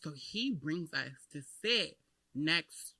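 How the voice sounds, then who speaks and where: A woman's voice: sits low, expressive, slow, sharp tone, husky, no room sound. A young adult woman co-hosting a podcast, telling playful stories in casual chat. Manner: playful, laughing storyteller. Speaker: podcast co-host.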